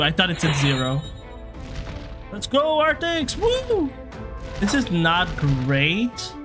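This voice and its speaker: A chatty young man commenting on his game from a home setup. His voice is high and bright, and he reacts out loud to each turn and often breaks into excited yelps. Light music runs quietly underneath. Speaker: let's play gamer. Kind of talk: gameplay commentary.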